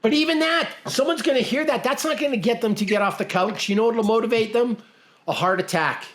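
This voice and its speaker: A man's voice: extremely high pitch, fairly quick, fairly bright tone. A middle-aged man from Canada co-hosting a podcast, talking bluntly and emphatically in casual motivational chat, often repeating himself. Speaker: podcast co-host.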